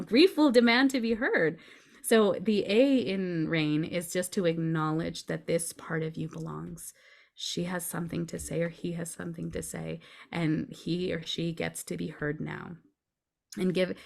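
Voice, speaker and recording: Low-voiced woman explaining gently. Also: creaky. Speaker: guest, grief coach. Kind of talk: podcast conversation.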